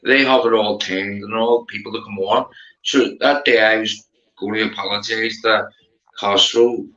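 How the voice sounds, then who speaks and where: A man's voice: lowish voice, fairly even intonation, normal speed, a bit bright, echoey room, muffled recording. A man with a Northern Irish accent in rambling casual chat, repeating himself and calling his friend mate. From Northern Ireland.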